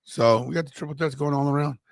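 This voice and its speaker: A man co-hosting a wrestling podcast, chiming in with quick remarks and explaining the rules in casual chat. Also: a little high, no echo. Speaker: podcast co-host.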